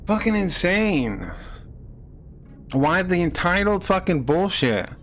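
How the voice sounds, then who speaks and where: A man's voice: sits high, sing-song, slow pace, slight background noise. A man streaming live, ranting angrily at people in his chat, swearing and repeating himself. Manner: angry, profane, repeats himself, rising to shouts.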